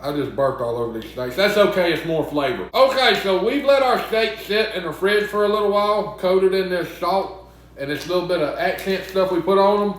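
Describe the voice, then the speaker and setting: Brief: young Southern man with a high voice, cooking vlog, chatty and teasing, very echoey kitchen. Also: expressive, brisk. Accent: Southern US (Mississippi). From Mississippi. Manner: chatty, joking, talks back to imagined critics. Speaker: cooking vlogger. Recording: very echoey room.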